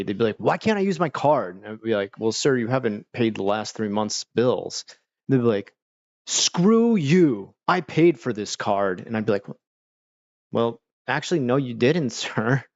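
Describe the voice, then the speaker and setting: Man, low voice, streamer, rambling anecdotes, lots of fillers, dry dull recording. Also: dry recording. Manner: rambling, loose delivery with many fillers. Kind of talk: casual storytelling on a chill stream.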